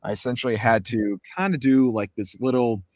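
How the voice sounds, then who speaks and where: A man, a voice actor, chatting casually and animatedly about his craft and demonstrating warm-ups, his voice a little sore. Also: mid-range voice, fairly even intonation, a little fast, no room sound, studio quality. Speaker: voice actor guest. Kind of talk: casual chat explaining voice acting.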